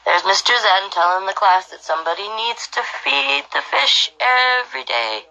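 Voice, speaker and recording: A woman's voice: mid-range voice, moderate pace, noisy background. A woman hosting a storytime, reading a picture book aloud and adding chatty, friendly asides. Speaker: storytime host.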